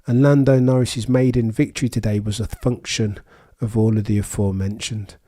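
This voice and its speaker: A man's voice: lowish voice, level tone, brisk, warm tone. A young man with a Birmingham accent chatting casually with viewers on a live race watchalong, reading out comments and making dry quips. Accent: Birmingham English. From England. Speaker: livestream host.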